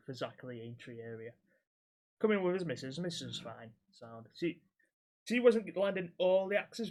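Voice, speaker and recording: Young guy on a podcast, swears a lot, tells blunt stories, voice sits in the middle. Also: mid-range voice. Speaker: podcast co-host and axe-throwing instructor. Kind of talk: casual chat.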